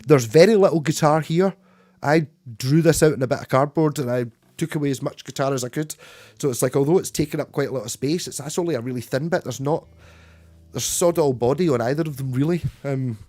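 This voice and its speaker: With a fairly high, slightly mellow voice, a man talks briskly to livestream viewers while playing guitar at home. His chat is rambling and stop-start, full of restarts, and the recording is dry.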